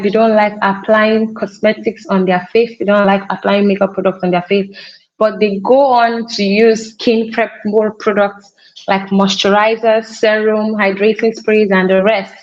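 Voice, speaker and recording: A woman's voice: medium pitch, fairly even intonation, normal speed, muffled recording. A young woman from Nigeria, a makeup artist, giving a conference talk in an instructive way and repeating her key points for emphasis. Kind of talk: conference presentation.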